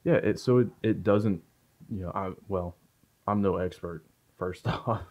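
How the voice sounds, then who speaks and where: Guy hosting a podcast, laughs a lot, low voice, muffled lo-fi sound. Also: unhurried. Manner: jokey, laughing often, animated. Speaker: podcast host. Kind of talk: casual podcast chat. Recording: dull lo-fi podcast audio.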